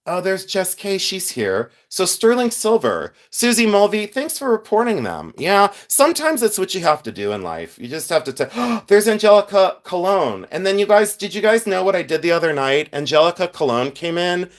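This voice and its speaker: Sorting jewelry on a relaxed livestream, this host speaks at a moderate pace with few pauses, his high voice sing-song. He greets viewers by name, chats with them, and laughs frequently.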